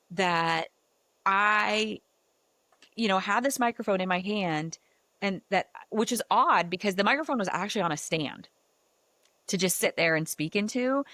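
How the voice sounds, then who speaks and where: A woman hosting a podcast, telling a personal story in a casual, animated way and saying "like" often. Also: mid-range voice, no room sound. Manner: animated, chatty, heavy use of filler "like". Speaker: podcast host.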